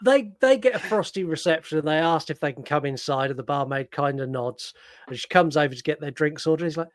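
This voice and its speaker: A man with a London accent co-hosting a film podcast, retelling scenes with lively acted-out quotes and casual swearing. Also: fairly high pitch, fairly quick, no echo, studio quality. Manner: animated storyteller, acts out quotes, swears casually. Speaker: podcast co-host. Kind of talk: casual film review chat.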